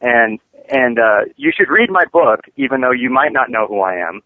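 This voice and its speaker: A man's voice: mid-range voice, lively intonation, moderate pace, dry recording. A man calling in to a podcast, joking and poking fun at himself with casual swearing. His voice comes through a narrow, tinny phone line with a dry sound. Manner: joking, self-deprecating, swears freely. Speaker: wrestling manager, guest.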